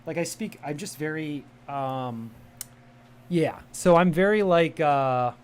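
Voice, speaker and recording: Brief: Midwestern male streamer, slightly high voice, crisp proper diction, faint room hiss. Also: takes it slowly. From American Midwest. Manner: chatty, enunciates carefully, well-spoken media voice. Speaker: livestream host. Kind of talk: casual livestream chat. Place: home room with a cat.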